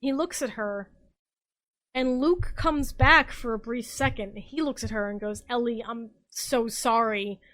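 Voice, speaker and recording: Woman, podcast host, tipsy, animated, swearing, laughing, high bright voice. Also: a little slow, rough recording. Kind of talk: casual comic storytelling podcast.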